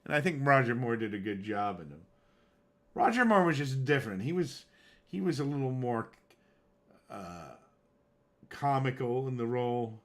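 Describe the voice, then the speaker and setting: This livestream gamer chats casually with viewers in a medium-pitched voice with big pitch swings, normal speed, and frequent pauses. He rambles, reaches for names, and gets worked up at moments.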